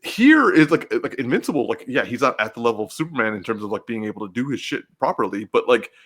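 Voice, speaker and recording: A man co-hosts a casual podcast, talking with real excitement and emotion. His pitch swings widely as he gets worked up, and he trips over restarts and swears freely. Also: fast. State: getting teary-eyed. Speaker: podcast co-host.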